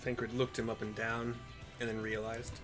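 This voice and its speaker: A man's voice: mid-range voice, monotone, moderate pace. A man casually narrating and describing a game story, with chatty muttered asides. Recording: game music underneath.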